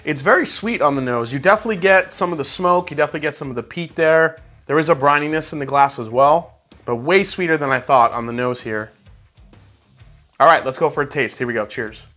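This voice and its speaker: A man talks through a whiskey tasting in a casual, chatty way, full of "like" and "uh" and excited reactions. His voice is bright and forceful and sits a little high for a man. Soft music plays faintly underneath. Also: fairly quick. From New York. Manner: chatty, many fillers like "like" and "uh". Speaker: whiskey reviewer.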